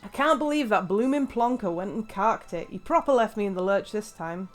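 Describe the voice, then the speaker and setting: A grumpy, curt fisherman with an English accent, as a woman puts him on. He grumbles in a gruff and slangy way, brushing people off. Soft game music plays faintly behind. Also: mid-range voice, lively intonation, a little fast, close to an everyday voice. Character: grumpy, brusque male island fisherman.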